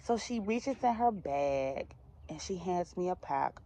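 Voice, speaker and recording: A woman's voice: lowish voice, animated, unhurried, warm tone. A young woman from the DMV area telling a personal storytime to her viewers in a chatty, slangy way with laughing asides. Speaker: vlogger. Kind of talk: casual storytime.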